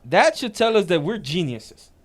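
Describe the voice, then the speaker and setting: A man co-hosting a casual podcast, telling an animated story and reading comments aloud. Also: sits high, normal speed. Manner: animated storytelling, reads out comments, laughs a lot. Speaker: podcast co-host.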